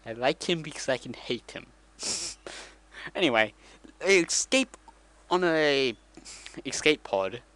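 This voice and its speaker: A man's voice: a little high, animated, takes it slowly, pauses often, a bit bright. Guy rambling through a movie plot from memory, jokey, keeps correcting himself. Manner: rambling, self-correcting, joking. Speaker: vlogger. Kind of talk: casual comic movie retelling.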